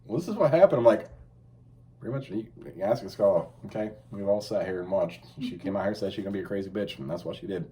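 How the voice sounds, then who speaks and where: A man's voice: low-pitched, fairly even intonation, fast, mellow, slight background noise. Profane, rambling man on a podcast. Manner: profane, rambling, acts out quoted voices. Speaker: podcast host. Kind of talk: casual podcast chat.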